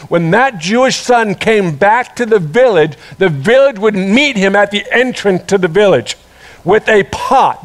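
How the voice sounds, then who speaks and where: A man with a high voice preaches to his congregation, spinning a parable into a lively story. He acts out the crowd's voices as he goes. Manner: animated storytelling, acting out voices. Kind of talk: sermon.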